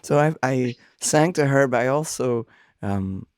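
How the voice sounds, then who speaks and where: A man's voice: mid-range voice, measured pace, a little mellow, smooth, dry recording, clean studio sound. A man who is a minister and songwriter, talking thoughtfully and earnestly in a soothing, scratchy voice, sometimes searching for words. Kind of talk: reflective conversation.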